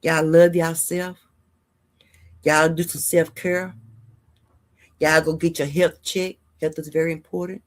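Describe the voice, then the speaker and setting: With a deep voice, level tone, and measured pace punctuated by long pauses, a gossip and news channel host speaks to her viewers. Her casual vlog monologue is chatty and rambling, offering heartfelt guidance on life.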